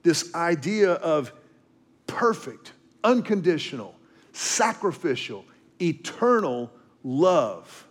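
A man preaching a sermon as pastor, telling a personal story and then slowing down to stress each point. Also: fairly high pitch, very animated. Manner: storytelling and preaching, slows down for emphasis.

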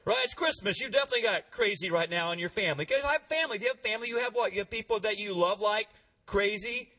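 A man preaching a sermon in a church, energetic and calling on the congregation to respond, heard from a distant mic. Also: high voice, quick pace. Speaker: pastor.

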